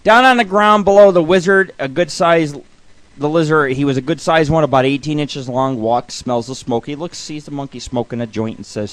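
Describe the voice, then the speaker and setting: A man's voice: on the high side, a little fast. A middle-aged man hosting a radio show, telling jokes and reading comic lists in a loose, swearing manner. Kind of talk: casual comedic radio monologue.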